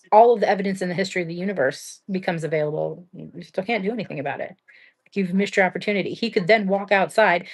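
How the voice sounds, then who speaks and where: On a livestream, a young adult woman with a fairly low voice tells a true-crime story, blunt and rambling, peppered with "like" and casual swearing.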